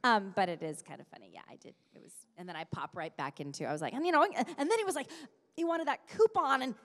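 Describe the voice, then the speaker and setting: Fast-talking woman in a reverberant hall. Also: fairly high pitch. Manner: chatty, rambling storyteller who acts out quotes. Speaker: voice actor panelist. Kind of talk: convention panel anecdote. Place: convention hall.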